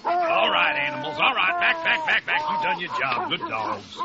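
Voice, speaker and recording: A man playing a suspicious, gruff rural dog handler, blunt and folksy. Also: extremely high pitch, huge pitch swings, normal speed, a loud crowd, heavily acted. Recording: dull lo-fi audio.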